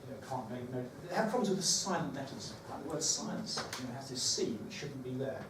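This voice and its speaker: A man's voice: medium pitch, expressive, brisk. Man giving a workshop in an echoey room. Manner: conversational, thinking aloud with fillers. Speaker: teacher trainer. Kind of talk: workshop talk to teachers. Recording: echoey room, far from the mic, background noise.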